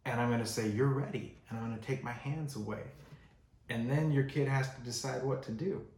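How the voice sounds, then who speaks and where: Male pastor, mid-pitched, chatty sermon delivery, reverberant sanctuary. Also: brisk, darkish tone. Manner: conversational, acts out quoted voices. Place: church sanctuary.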